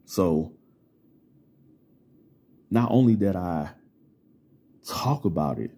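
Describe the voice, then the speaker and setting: A man lectures his audience in a casual vlog monologue, streetwise and full of profanity. His voice sits low and sounds dark and mellow. It has a husky, slightly rough grain. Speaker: vlogger.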